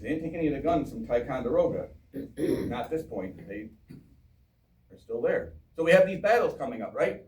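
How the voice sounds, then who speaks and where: A man gives a lively, joking history talk, quizzing his audience in a fairly high voice. He is recorded from far off in an echoey town hall. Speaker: history speaker. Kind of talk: informal public history talk.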